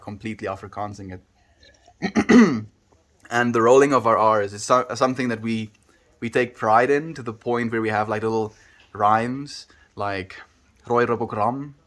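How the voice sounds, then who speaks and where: There's a South African accent in this man's lowish voice as he chats casually with viewers during a home livestream. He keeps things relaxed and gets playful with the way words sound.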